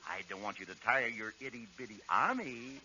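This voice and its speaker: A man playing the straight man in 1940s radio comedy, brisk, bossy and smooth-talking. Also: medium pitch, expressive, pushed and bright. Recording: dull 1940s radio broadcast, faint hiss.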